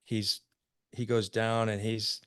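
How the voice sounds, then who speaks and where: A lower-voiced American man in his fifties tells old stories in an easy, chatty way, chuckling as he goes. His voice comes through smooth and resonant. The sound is dry and close. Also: flat delivery, slow, no room sound. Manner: laughs often while telling war stories. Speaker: podcast guest, army veteran. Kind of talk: casual storytelling.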